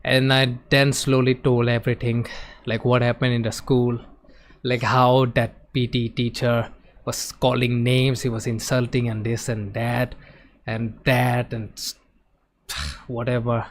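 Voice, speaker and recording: A man streaming, telling a personal story in an emotional, animated way and acting out the other people's voices. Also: mid-range voice, a little slow. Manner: emotional, animated retelling that acts out quoted voices. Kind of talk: casual storytelling on a live stream.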